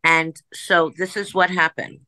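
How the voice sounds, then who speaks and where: A woman's voice: fairly low pitch, level tone, unhurried, bright, forceful tone, dry recording. A woman in her sixties, a psychic guest telling stories in an emphatic, rambling way that jumps back and forth. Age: 60s. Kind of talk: conversational storytelling.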